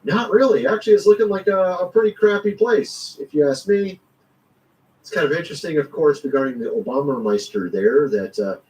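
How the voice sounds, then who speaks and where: A man's voice: on the high side, a little mellow, distant mic, poor audio. A man giving rambling, slangy commentary in a vlog, chuckling often. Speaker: commentary vlogger. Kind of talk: casual political commentary.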